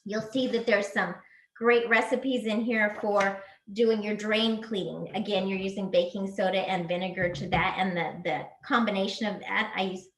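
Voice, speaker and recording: A woman's voice: medium pitch, steady tone, normal speed, a bit bright. Chatty woman teaching in an echoey room. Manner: chatty, practical, with fillers and restarts. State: throat choked up, clearing throat. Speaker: cleaning workshop presenter. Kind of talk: casual instructional talk. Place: community room.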